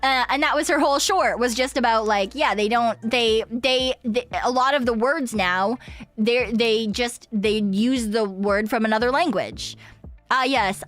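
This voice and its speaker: A woman's voice: fairly high pitch, fairly bright tone. A woman streamer chatting casually and rambling, laughing often and swearing now and then. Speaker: VTuber streamer. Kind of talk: casual livestream chat.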